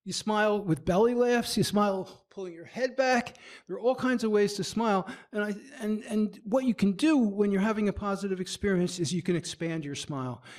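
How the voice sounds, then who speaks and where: A man presenting at a marketing meetup. He speaks in a lively, demonstrative way, acting out facial expressions and often stumbling and restarting his sentences. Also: sits high. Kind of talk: presentation talk.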